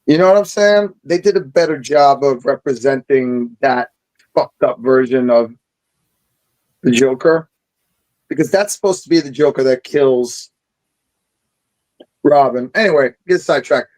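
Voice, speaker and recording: An excited man telling stories in casual chat, swearing freely as he talks. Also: mid-range voice, a little slow, pauses often, rough recording. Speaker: podcast host.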